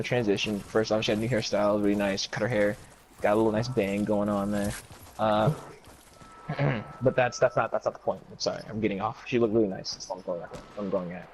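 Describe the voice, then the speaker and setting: A man's voice: fairly low pitch, a little hiss or hum, poor audio. A man telling a long comic story in casual chat, rambling and profane, acting out what others said.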